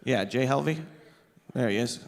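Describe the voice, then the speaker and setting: A man in his thirties performs stand-up into an amplified stage microphone before a live audience, sarcastically teasing the crowd. His voice is gravelly and mid-range, delivered at a moderate pace.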